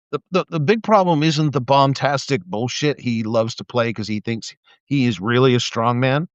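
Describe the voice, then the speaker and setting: A man's voice: mid-range voice, dry recording. Older guy ranting on his livestream, cussing, mocking, stumbling over his words, dry muffled audio. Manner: profane, heated and mocking, with stammered restarts. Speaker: political commentary livestreamer. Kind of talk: angry political rant on a livestream.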